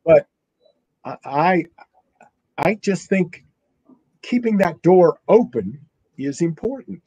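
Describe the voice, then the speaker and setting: High-voiced older man, dull dry sound. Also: expressive, mellow, breathy edge, no echo. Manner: halting, repeats himself, chuckles. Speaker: author guest. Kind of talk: casual interview chat.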